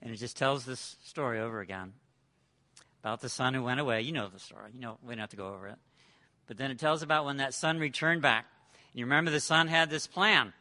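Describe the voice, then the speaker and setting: A man preaching a sermon, retelling a parable with dramatic swings between loud and hushed delivery. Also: medium pitch, fast.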